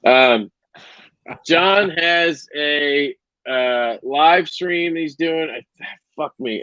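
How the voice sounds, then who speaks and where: A man's voice: on the high side, very slow, pushed and bright, no echo, lo-fi sound. Rambling man hosting a live stream. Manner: rambling, loose and profane, with many ums. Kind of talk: casual live stream sign-off.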